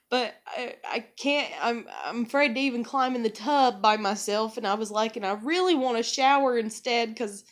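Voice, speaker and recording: A woman's voice: mid-range voice, a bit bright. A young woman talking candidly in a rambling personal monologue, full of fillers and swearing. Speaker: vlogger.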